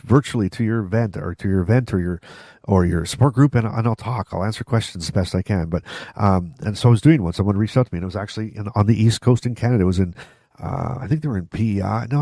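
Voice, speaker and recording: Mellow low-voiced man chatting to camera. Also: no echo, studio quality. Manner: chatty, direct, frequent restarts and asides to the viewer. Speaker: vlog host. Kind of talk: casual talk to camera.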